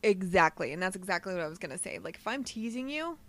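A woman's voice: mid-range voice, very animated, a bit bright. Female podcast host: playful, giggly, easygoing chat. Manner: giggly, playful, quick to laugh. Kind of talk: casual chat.

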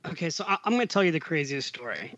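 A middle-aged American man, a guest on a podcast, tells a long story casually from his home in Italy. His voice is a little high and quick, with no echo. He's an animated storyteller who acts out the voices of the people he quotes.

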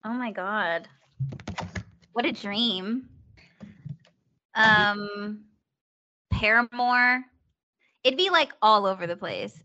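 A woman's voice: medium pitch, pushed and bright, dull audio. A young woman chatting casually as a guest, candid and giggly, full of slang. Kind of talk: casual chat.

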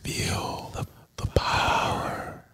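A podcast co-host whispering hesitantly in ASMR style, reluctant and careful. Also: male voice, very slow, a bit bright.

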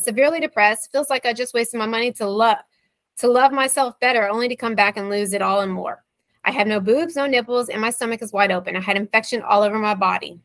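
Woman guest, 30s, higher voice, dry close sound, wry exasperated storyteller. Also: a bit bright, no echo. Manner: recounting messages, quoting back and forth. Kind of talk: interview storytelling.

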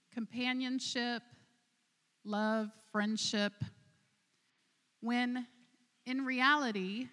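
A woman in her forties speaking at a church service, telling stories at a slow, deliberate pace. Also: a little high, fairly bright tone. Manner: slow storytelling, acts out characters in a joke. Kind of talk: sermon with a told joke. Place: church sanctuary. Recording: long reverb of a large hall.

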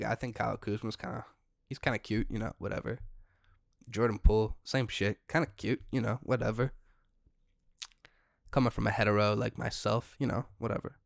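A young man hosting a solo podcast, ranting in an exasperated way with sudden loud outbursts. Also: lowish voice, vocal fry, no room sound, studio quality. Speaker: podcast host.

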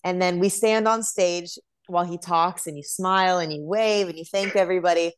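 A young woman with a slightly low voice tells her stories in a lively, chatty way. She talks casually as an interview guest, looking back on life as a dancer on tour. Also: normal speed, slight background noise. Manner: chatty, animated storytelling.

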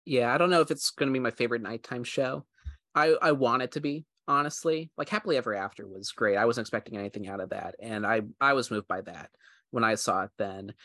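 A man's voice: mid-range voice, quick pace, a bit bright, no echo. Rambling heartfelt man, dry sound. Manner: rambling, heartfelt, many fillers. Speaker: podcast co-host. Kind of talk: casual chat.

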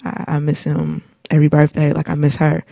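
A woman in her late twenties talks through personal memories on her own show, loose and slangy, full of fillers. Her voice is dark and mellow with a gravelly edge. The sound is close and dry. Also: low voice, completely flat delivery, brisk, dry recording. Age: late 20s. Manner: laid-back, rambling, slangy, many fillers. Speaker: show host. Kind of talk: casual personal storytelling. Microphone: studio mic.

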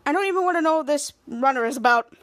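A woman's voice: high voice, lively intonation, fast, no room sound. A woman voicing a cocky, scheming male superhero leader with a smug, coaxing manner.

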